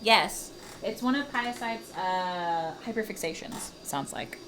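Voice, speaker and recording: A woman hosting a casual livestream from home, chatting with viewers in a giggly, animated way with casual swearing. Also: mid-range voice, slow, background noise. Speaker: livestream host.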